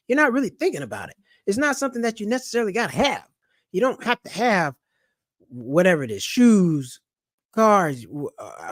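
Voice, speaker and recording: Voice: medium pitch, fairly bright tone, no room sound, studio quality. A personal finance vlogger talking casually to camera, loose and slangy, rambling with restarts and blunt asides. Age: young adult or older. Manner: rambling, with many restarts and acted quotes.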